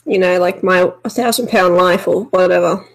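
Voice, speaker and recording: A woman's voice: on the low side, fairly even intonation, normal speed, creaky, rough recording. A woman co-hosting a podcast, giving blunt, dismissive opinions in casual chat. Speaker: podcast co-host.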